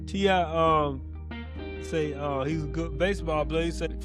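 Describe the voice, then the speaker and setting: A man's voice: fairly high pitch, steady tone, measured pace. A man co-hosting a casual chat show, animatedly retelling movie scenes and repeating himself as he goes. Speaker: podcast co-host. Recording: faint guitar music behind.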